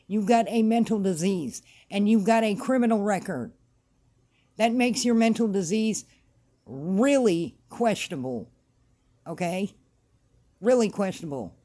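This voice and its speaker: Woman vlogger, blunt, repetitive rant delivery, unhurried pace, warm low-key tone. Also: lively intonation. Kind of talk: casual opinion rant to camera.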